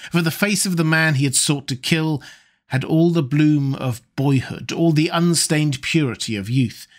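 A man narrating a classic novel in a measured, dramatic audiobook reading. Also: mid-range voice.

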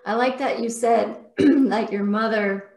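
A woman's voice: fairly high pitch, takes it slowly, darkish tone. Woman radio host in a roomy space. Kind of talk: interview questions. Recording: roomy echo.

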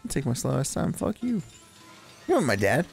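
A man's voice: medium pitch, wildly swooping pitch, normal speed, creaky, husky, faint music behind. A young man co-hosting casual gameplay commentary, laughing often, swearing and bossily teasing his partner. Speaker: co-host of gaming commentary.

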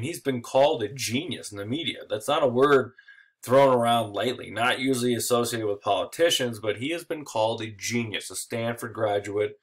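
A man's voice: medium pitch, a bit bright. A man giving an informal history lecture, casual and joking, with filler words and small chuckles. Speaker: history teacher.

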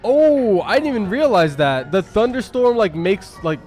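A man hosting a reaction video, talking casually and excitedly, firing off quick exclamations and calling everyone "bro". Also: sits high, faint music behind.

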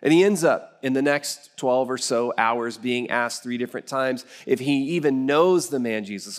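A middle-aged male pastor delivers a sermon in a church, in a relaxed, conversational way. He tells stories and throws questions out to the congregation. His voice sits in an ordinary middle pitch. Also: moderate pace, few pauses. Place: church sanctuary.

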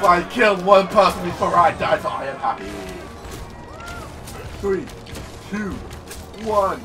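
A young man giving loud, hammy gameplay commentary, shouting catchphrases and swearing, with game music behind. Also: high-pitched, takes it slowly, pauses often, far from the mic. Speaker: gameplay streamer.

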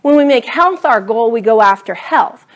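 A woman with a lilt leads a Bible study class. Her voice sits a little high, and she talks casually and animatedly, stepping into little acted-out conversations with God as she teaches. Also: lively intonation, moderate pace.

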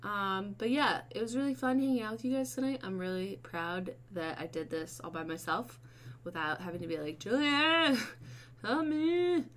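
A woman hosting a casual livestream, chatting with her viewers, swearing and breaking into bursts of excited shouting. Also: mid-range voice, fairly quick. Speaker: livestream host.

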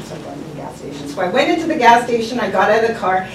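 A woman sharing a testimony in a casual, animated way, laughing often as she tells her story in a church setting. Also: medium pitch, fast, few pauses. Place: church hall. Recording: echoey room, far mic, background noise.

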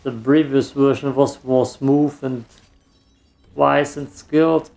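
Slow gravelly man chatting over gameplay. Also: mid-range voice, steady tone, darkish tone. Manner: dry, self-mocking remarks while playing. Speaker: gameplay streamer. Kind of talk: casual let's play commentary.

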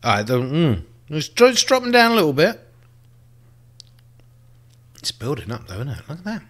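A man's voice: on the high side, wildly swooping pitch, normal speed. A man giving casual gameplay commentary, thinking aloud and swearing freely as he plays. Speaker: let's play host.

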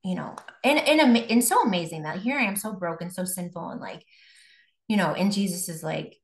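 A young woman shares her faith testimony as a guest, chatty, with fillers and restarts. Her voice sits a little low for a woman. The recording carries a roomy echo. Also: lively intonation, fairly quick. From Buffalo, New York. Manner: conversational, many fillers and restarts.

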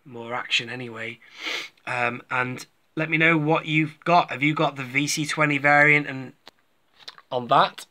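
A man's voice: fairly high pitch, fairly even intonation, unhurried, sharp tone. A man giving a casual, rambling toy review and talking to his viewers as folks.

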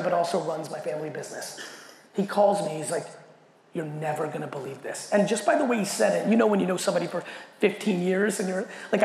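A man giving a keynote talk, telling a story in an animated, profane way and acting out the quoted dialogue. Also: high voice, gravelly. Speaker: keynote speaker. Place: large event hall. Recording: echoey hall with faint noise.

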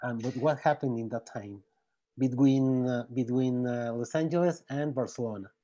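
A man who is not a native English speaker hosts an interview, speaking haltingly, repeating words and reading out viewer messages over a video call. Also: mid-range voice, dark tone, muffled recording. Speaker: podcast host. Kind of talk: interview hosting.

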